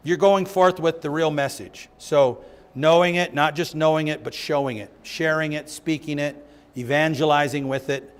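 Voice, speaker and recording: A man's voice: on the high side, fairly even intonation, moderate pace, smooth. A man teaching a Bible study in a church, emphatic and repeating his key phrases.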